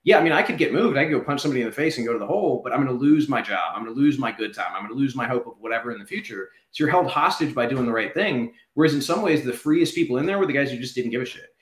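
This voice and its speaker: A man's voice: mid-range voice, animated, rapid-fire, few pauses. A man who is a former prisoner, guest in a conversational interview, arguing in an articulate, reasoned way. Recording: roomy echo.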